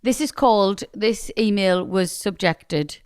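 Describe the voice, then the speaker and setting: A woman's voice: mid-range voice, unhurried, clear, resonant tone, dry recording, clean studio sound. A British woman co-hosting a podcast, chatting and reading listener emails in a chatty, dramatic way. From Britain. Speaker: podcast co-host.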